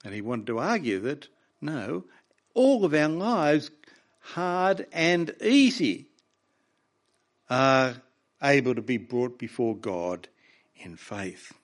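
A man's voice: mid-range voice, sing-song, takes it slowly, long pauses. A man preaching a sermon, reading scripture with raw emotion between plainly explained points.

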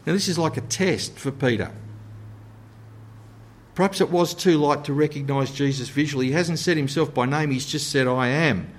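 A man preaching a sermon in an earnest way, sometimes dropping to a soft, low voice to stress a point. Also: normal speed.

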